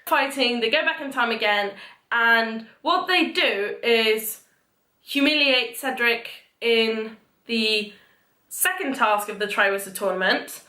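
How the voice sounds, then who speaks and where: A young woman vlogger rambling excitedly through a book recap, full of "like" and fillers. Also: on the high side, slow pace. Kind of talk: casual book talk. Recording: echoey room.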